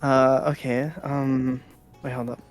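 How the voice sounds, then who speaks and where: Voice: medium pitch, flat delivery, slow pace, faint music behind. A guest player chatting casually, hesitant and full of fillers. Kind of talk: casual chat.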